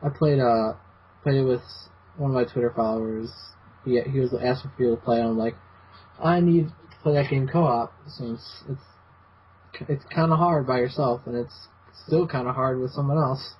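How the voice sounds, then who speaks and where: Male podcast host, mid-pitch, rambly and halting, dull lo-fi recording. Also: fairly even intonation. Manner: rambling, halting, many restarts. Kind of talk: casual gaming podcast chat. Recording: dull lo-fi podcast audio with faint hiss.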